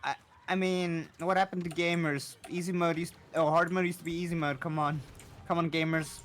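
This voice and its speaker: A man chatting casually while gaming, joking and halting with fillers. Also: a little high, level tone, a bit bright, a little hiss or hum. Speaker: fellow player.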